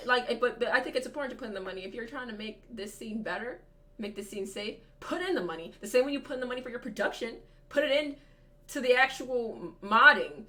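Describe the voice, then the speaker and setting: A woman's voice: on the high side, fairly bright tone. Rambling, thoughtful woman podcast co-host. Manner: thoughtful, rambling with many fillers. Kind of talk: casual chat.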